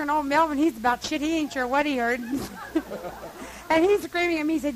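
A woman telling a long, lively, profane anecdote to a group, laughing often. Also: sits high, a little fast, low-quality recording. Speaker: storyteller at a meeting. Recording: hissy old tape recording.

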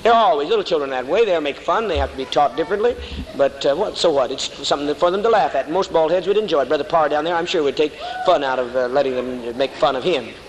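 The recording captures a male preacher with a fairly high voice speaking at a quick pace in an echoey church hall with faint noise. Facing the congregation, he delivers a fiery, mocking sermon, addressing listeners as honey.

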